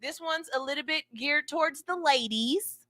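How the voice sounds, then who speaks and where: A woman hosting a radio show, joking and telling stories in animated, slangy casual chat. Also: high voice, moderate pace, no echo, studio quality.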